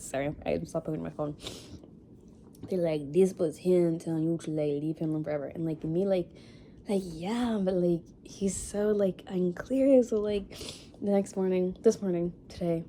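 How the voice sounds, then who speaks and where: Sniffly young woman, soft mellow voice. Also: on the low side, slight background noise. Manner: rambling, lots of fillers, upset and sniffly. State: sniffling after crying. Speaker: vlogger. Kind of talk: casual storytime vlog.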